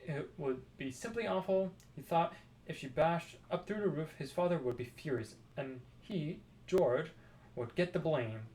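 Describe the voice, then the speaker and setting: A man reading a children's book aloud, expressive with dramatic pauses. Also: fairly high pitch. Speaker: storybook reader.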